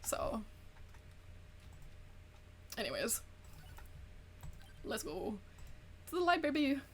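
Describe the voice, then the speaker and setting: A woman's voice: fairly high pitch, big pitch swings, extremely slow, a little hiss or hum. A young adult woman streaming a game, chatting casually and animatedly, swearing freely and saying "like" a lot. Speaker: VTuber streamer. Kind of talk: casual chat while gaming.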